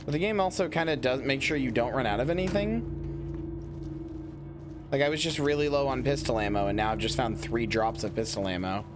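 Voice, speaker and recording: A man's voice: mid-range voice, lively intonation, a little fast, music in the background. A tired man streaming a game late at night, talking casually in a rambling, playful way with lots of restarts. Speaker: livestreamer. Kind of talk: casual gameplay commentary.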